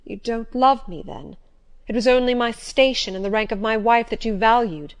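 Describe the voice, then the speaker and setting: A passionate, agitated gentleman from an audiobook, pleading and insisting loudly, as a woman reader puts him on. His delivery is vehement and pressing, a little higher and louder than the calm narration around it. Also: moderate pace, smooth, natural voice. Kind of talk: audiobook character voice.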